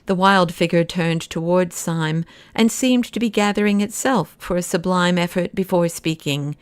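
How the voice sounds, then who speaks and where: Low-voiced woman narrating a classic novel. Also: normal speed, clean tone, dry recording. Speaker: audiobook narrator.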